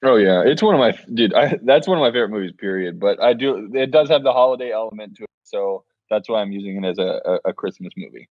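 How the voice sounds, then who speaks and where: A man's voice: on the low side, expressive, fast, hardly any pauses, no echo, phone-quality sound. A man co-hosting a podcast in casual chat, telling stories and laughing often. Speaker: podcast co-host.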